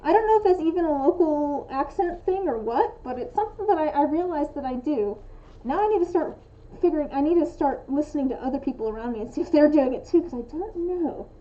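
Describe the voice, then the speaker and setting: Animated and quick, this young western American woman speaks in a high-pitched, dark-toned voice with the highs cut off. Streaming herself making resin dice, she rambles casually, thinking out loud through lots of restarts and fillers, and frequently drops the g on -ing words.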